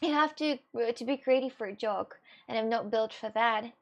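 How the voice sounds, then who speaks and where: A woman's voice: fairly high pitch, normal speed, dull audio. A young woman streamer chatting casually with her viewers, rambling along and swearing now and then.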